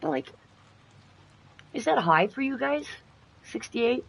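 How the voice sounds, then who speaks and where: A Canadian woman streaming a game live, chatting casually, swearing freely and breaking into loud playful outbursts. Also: a little high, very animated, slow, vocal fry, slightly rough, rough recording. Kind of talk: casual live-stream chat while gaming.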